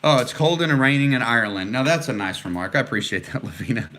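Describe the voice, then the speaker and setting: Here a middle-aged man from Texas responds to live comments from viewers, talking casually and earnestly and rambling with many fillers. His medium-pitched voice is animated, fast and a bit bright, and there's slight background noise.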